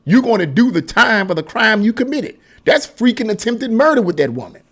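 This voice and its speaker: A man's voice: high voice, big pitch swings, a little fast, a bit bright. A man hosting his own commentary channel, delivering a heated, emphatic political rant with lots of repetition. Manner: mocking singsong asides.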